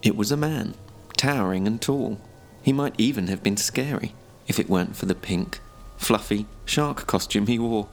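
A man narrating a written story in a measured, expressive storytelling manner. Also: on the low side, a little hiss or hum.

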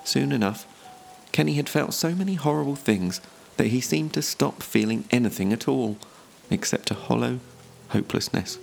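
Gravelly-voiced male story narrator. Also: mid-range voice, a little hiss or hum. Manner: measured, expressive storytelling.

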